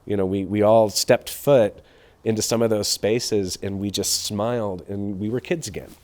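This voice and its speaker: Reflective low-voiced film director. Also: male voice, steady tone, moderate pace, a little mellow. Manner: reflective, hesitant with fillers. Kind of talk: interview answers.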